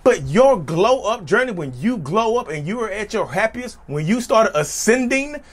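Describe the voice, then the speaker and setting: A man's voice: sits high, normal speed, husky. A man hosting his own channel in a casual monologue, repeating his points and calling his viewers "y'all", his voice sometimes cracking. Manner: animated, repeats phrases, addresses viewers as y'all. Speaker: YouTube channel host.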